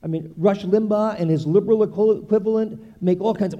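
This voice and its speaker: An older man, a pastor, preaching a sermon with animated delivery and playful asides to the congregation. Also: high-pitched, a little fast.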